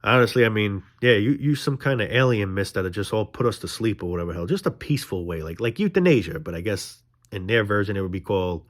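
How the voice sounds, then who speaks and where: Low-voiced man ranting to camera. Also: animated, fast, few pauses. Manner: frustrated, ranting, profane, rambling. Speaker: vlogger. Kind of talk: casual monologue to camera.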